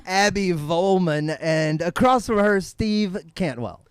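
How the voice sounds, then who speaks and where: A man hosting a live comedy show, introducing guests and quizzing them with quick, laughing banter. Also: high voice, lively intonation, clear, resonant tone, no echo, clean studio sound. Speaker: host.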